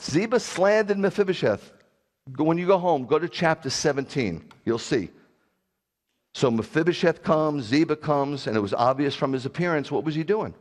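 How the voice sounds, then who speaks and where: A man's voice: a little high, big-room sound. A middle-aged man preaching a sermon as a rabbi, talking animatedly and putting direct questions to his congregation. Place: congregation hall.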